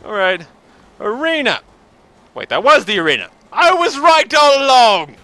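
A man's voice: very high voice, big pitch swings, moderate pace, pushed and bright. A man rambling sarcastically and joking while commenting on his gameplay. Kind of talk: let's play commentary.

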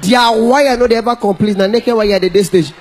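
A man with a Nigerian accent doing stand-up comedy, animated and breaking into song and mock shouting. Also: sits high, brisk.

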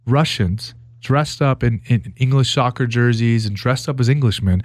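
A man's voice: mid-range voice, normal speed, no room sound. A man hosting a casual chat from a studio, telling stories, laughing easily and asking the guest questions. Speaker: host.

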